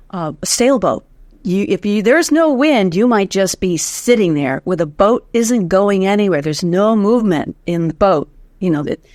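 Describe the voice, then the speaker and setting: A woman's voice: mid-range voice, dry recording, clean studio sound. A woman voice teacher explaining breath support and the vocal folds, demonstrating as she goes in an interview. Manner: demonstrative, lively, counts aloud in breath drills.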